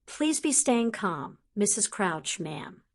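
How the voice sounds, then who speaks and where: A woman reading an audiobook, voicing a small, timid female house elf who speaks softly and deferentially. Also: mid-range voice, very animated, takes it slowly.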